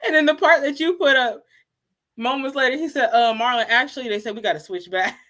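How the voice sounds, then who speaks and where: A woman's voice: high voice, a little fast, sharp tone. A woman co-hosting a casual chat, retelling scenes by quoting people and laughing. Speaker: co-host.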